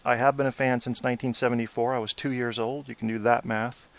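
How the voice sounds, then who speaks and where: A man's voice: mid-range voice, flat delivery, fast talker. A man in his forties hosting a post-game hockey talk show, opinionated and blunt, swearing when riled. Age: 40s. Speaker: podcast host.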